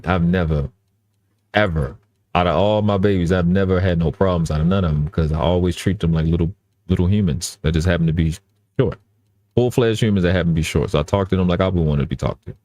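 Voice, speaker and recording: A man's voice: low voice, darkish tone. A man talking earnestly in casual live-stream chat, often restarting and repeating his phrases.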